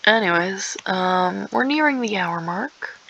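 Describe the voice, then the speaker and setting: A woman's voice: mid-range voice, lively intonation, a little slow, gravelly, pushed and bright, muffled recording. A young woman commentating her game play casually, rambling and sarcastic, often trailing off into near-whispers. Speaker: gaming YouTuber.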